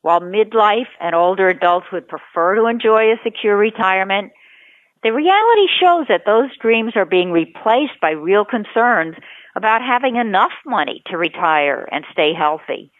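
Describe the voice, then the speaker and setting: A woman, a state president of an advocacy group, giving a measured, formal statement for a news report. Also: mid-range voice, expressive, no echo. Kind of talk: prepared statement. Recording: phone-like, narrow band.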